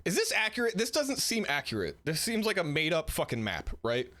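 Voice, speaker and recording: A man's voice: on the high side, huge pitch swings, a little fast, pushed and bright, slight background noise. A man streaming while sick, giving casual and sarcastic commentary as he reacts to a video. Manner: sarcastic, blunt, chatty.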